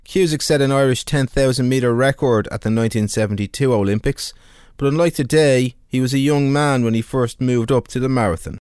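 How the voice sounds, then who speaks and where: A man presenting a radio documentary, narrating from a script in a steady, measured way. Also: medium pitch, clean tone, no room sound. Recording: dry studio voice over faint music.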